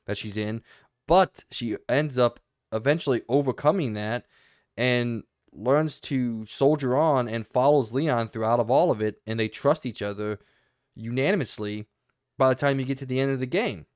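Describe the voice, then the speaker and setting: A man co-hosting a video game podcast, talking in long animated runs in a casual review discussion. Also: medium pitch, moderate pace, no room sound, clean studio sound.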